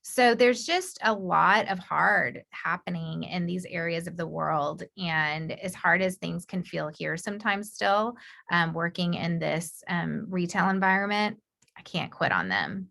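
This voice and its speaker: A woman founder speaks on a video call panel with impassioned determination. Her voice is bright and sharp, with a gravelly fry running through it. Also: lowish voice, expressive, measured pace. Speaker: company founder, panel guest.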